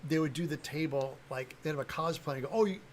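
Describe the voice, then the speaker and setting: A man's voice: fairly high pitch, level tone, quick pace, slight background noise, rough recording. An older man talking casually on a livestream, blunt and rambling, with lots of fillers and restarts. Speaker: livestream host, cosplay prop maker.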